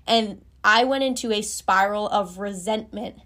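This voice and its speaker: A woman's voice: mid-range voice, unhurried, sharp tone. A woman in her twenties frankly telling a personal story as a podcast host, casual and swearing freely.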